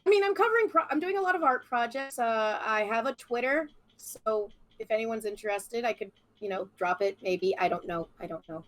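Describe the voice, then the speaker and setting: A woman speaking on a casual livestream, hesitant and shy, with many pauses and fillers. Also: a little high, lively intonation, fairly bright tone, dry recording. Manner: hesitant, shy, lots of ums. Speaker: artist guest.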